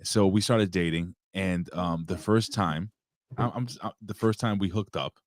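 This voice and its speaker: A man co-hosts a casual podcast, telling stories loosely and with jokes. His voice sits somewhat low. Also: normal speed, no echo, clean studio sound. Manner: loose, joking storyteller. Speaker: podcast co-host.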